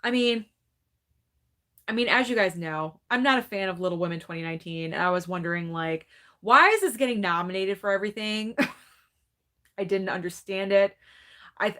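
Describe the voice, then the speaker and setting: A woman's voice: fairly low pitch, fairly bright tone. Chatty woman host laughing as she talks. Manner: chatty and candid, laughs often. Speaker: host of a movie club livestream. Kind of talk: casual livestream chat, reading viewer comments.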